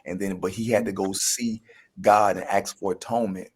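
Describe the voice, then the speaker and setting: A man's voice: low-pitched, fairly even intonation, normal speed, husky. A man, a guest actor telling his story in a casual interview. He acts out the voices he quotes and often restarts his sentences.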